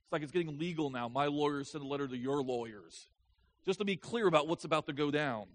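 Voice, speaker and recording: High-voiced man preaching verse by verse. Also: fast talker. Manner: explains verse by verse with lively emphasis and repeats. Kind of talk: expository sermon.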